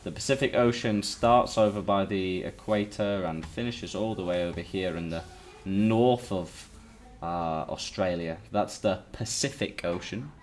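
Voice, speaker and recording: A man's voice: sits low, unhurried. A man teaching a live online lesson, chatting with his students and greeting them by name as he explains.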